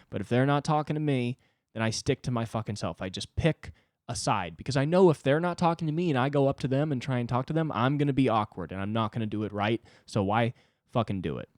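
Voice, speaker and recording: A man in his twenties hosting a solo comedy podcast, ranting in an agitated, profane way with sudden jumps in pitch. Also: darkish tone, no echo, studio quality. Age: 20s. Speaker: podcast host.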